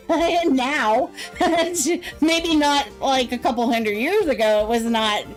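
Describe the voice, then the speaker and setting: A woman's voice: high-pitched, slow pace, soft background music. An American woman streamer chatting casually, rambling and giggling often between her remarks. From United States. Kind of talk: casual live-stream chat.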